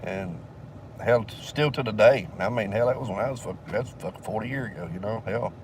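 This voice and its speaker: A man's voice: fairly low pitch, fairly quick, darkish tone, far from the mic, a little hiss or hum. An older man, telling a rambling, profane story in a casual drawl and laughing between lines. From southern United States.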